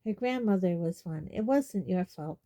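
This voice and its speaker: A woman voicing an awkward, shy teenage boy who speaks haltingly and dully. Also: lowish voice. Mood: dull. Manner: halting, dull and flat when let down.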